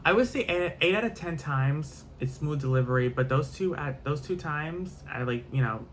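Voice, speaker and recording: A man's voice: fairly high pitch, lively intonation, normal speed, slight background noise. A man telling a rambling story-time vlog, repeating himself and swearing freely. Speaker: vlogger.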